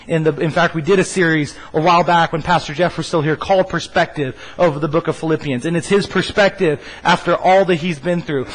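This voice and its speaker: A pastor preaching a sermon, repeating a scripture line slowly and emphatically, with frequent restarts. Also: male voice, high-pitched, long reverb tail, rough recording. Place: church stage.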